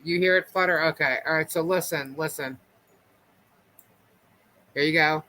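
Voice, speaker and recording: A man's voice: a little high, steady tone, moderate pace, pushed and bright, low-quality recording. A man hosting a casual live stream chat, rambling through his thoughts with lots of fillers. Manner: rambling, filler-heavy, chatty.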